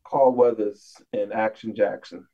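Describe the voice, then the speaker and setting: A man's voice: fairly low pitch, steady tone, unhurried, narrow, tinny audio. A man, a singer appearing as a podcast guest, chatting casually with loose, emphatic exclamations. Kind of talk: casual chat.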